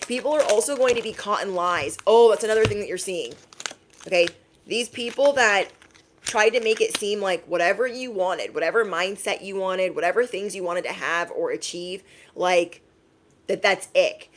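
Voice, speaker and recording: Brief: young adult woman reader, sassy and emphatic, slightly low pitch. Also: lively intonation, normal speed, slight background noise. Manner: sassy, emphatic, repeats lines for effect. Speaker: intuitive reader, channeled messages. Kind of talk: casual direct-to-camera messages.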